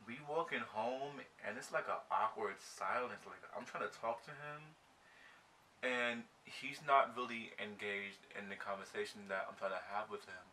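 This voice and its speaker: A young man telling a breakup storytime while getting ready, animated and slangy, acting out his own reactions. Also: fairly low pitch, recorded from a distance, a little hiss or hum. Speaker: vlogger.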